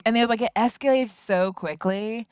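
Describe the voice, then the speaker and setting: A woman's voice: fairly high pitch, brisk, smooth, no echo. A woman chatting as a podcast guest, telling stories and acting out what others said. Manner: animated storytelling, acts out quoted voices. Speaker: guest, activist. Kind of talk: casual chat. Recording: dull, lo-fi sound.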